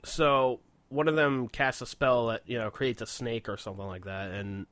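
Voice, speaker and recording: A man's voice: mid-range voice, steady tone, moderate pace, a bit bright, dry recording. A young man co-hosting a podcast, telling a rambling story full of swearing and laughing at his own jokes. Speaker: podcast co-host. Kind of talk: casual profane chat.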